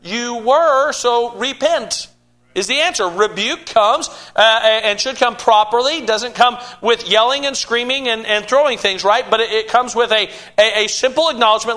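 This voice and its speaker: A man preaching a sermon in a high, bright voice. He stammers and restarts phrases often, building an emphatic cadence as he drives each point home. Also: moderate pace. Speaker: pastor.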